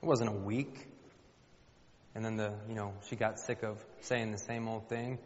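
A man's voice: fairly low pitch, flat delivery, moderate pace, a little mellow. A man preaching a sermon in a church, colloquial and emphatic, repeating phrases for effect. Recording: dull lo-fi with long hall reverb.

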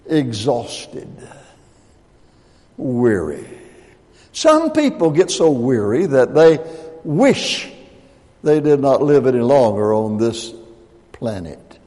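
A man's voice: medium pitch, warm tone. A man in his eighties preaching a sermon as pastor, folksy and joking with the congregation between points. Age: 80s. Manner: folksy, joking asides with laughter. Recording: long hall reverb.

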